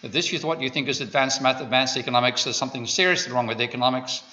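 A man's voice: mid-range voice, fast talker, pushed and bright, muffled recording, natural voice. A man voicing an abrasive male physicist with an attempted Austrian accent, blunt and scornful.

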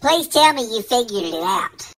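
A woman voicing an excitable male buddy in a comedy sketch, who keeps gasping in disbelief at every twist. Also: on the high side, moderate pace. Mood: excited.

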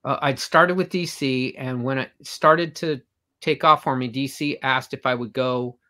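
A man's voice: medium pitch, steady tone, measured pace. An older man, a comic artist guest, telling long anecdotes with frequent restarts in a casual interview. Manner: rambling, warm anecdotes with restarts.

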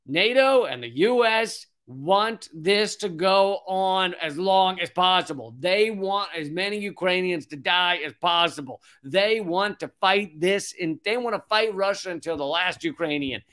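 Man, 40s, high-pitched, sarcastic, profane, political commentary host, reads an article then rants. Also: lively intonation, unhurried, hardly any pauses, a bit bright. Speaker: comedian hosting a political commentary show. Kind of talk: ranting political commentary reading an article aloud.

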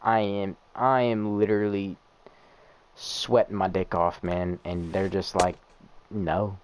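A man's voice: sits low, level tone, a little slow, clear, resonant tone. A young man narrating his own video game in a stream of exasperated, profane complaints. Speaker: gamer posting gameplay. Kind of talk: live gameplay commentary.

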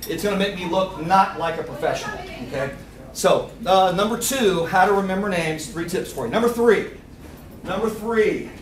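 A man giving a lively seminar talk, quizzing the audience and acting out little scenes. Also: high-pitched, slight background noise. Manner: energetic, quizzes the crowd, acts out little scenes. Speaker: seminar speaker. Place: meeting room with audience. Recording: echoey room, picked up from a distance.

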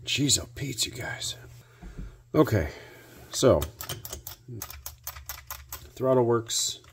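A man hosting a repair video, narrating his work out loud with dry little jokes to himself. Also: medium pitch, lively intonation, drawn-out words, vocal fry, a little hiss or hum. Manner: self-talk with dry jokes. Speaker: host.

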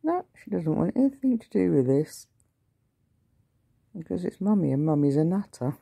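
A woman's voice: lowish voice, big pitch swings, moderate pace, vocal fry, dark tone, husky, no echo, studio quality. A woman at home talking baby talk to her cat and singing meows at it. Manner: sing-song meowing and baby talk to a cat. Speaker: pet owner vlogger. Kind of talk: casual talk to a pet.

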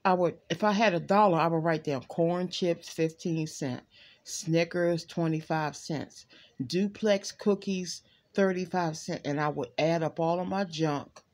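A woman's voice: fairly low pitch, unhurried, darkish tone. A woman giving a candid, chatty tarot reading at home, often stopping to talk to her pet and laughing. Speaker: tarot card reader. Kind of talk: casual tarot reading livestream.

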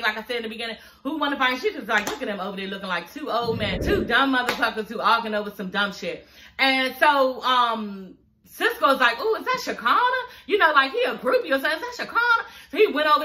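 A woman casually recapping a reality show in a profane, animated way, often saying "you know what I'm saying". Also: high voice. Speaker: TV recap vlogger.

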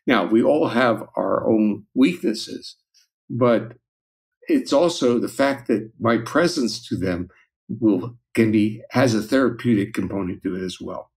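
A man speaking as a guest scientist, earnest and measured in reflective interview talk. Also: fairly low pitch, darkish tone.

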